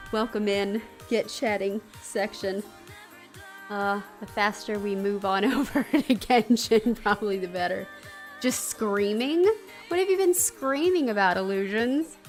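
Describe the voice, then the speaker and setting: A woman livestreams from her home setup, chatting in an unhurried, rambling way and giggling often. Her pitch sits in a middle range, and soft background music plays faintly. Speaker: streamer. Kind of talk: casual livestream chat.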